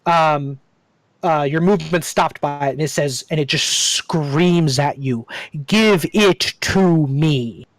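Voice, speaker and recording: Male game master, slow descriptive narration with fillers, dry close mic. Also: a little high, steady tone, no echo. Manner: descriptive, unhurried, with many fillers.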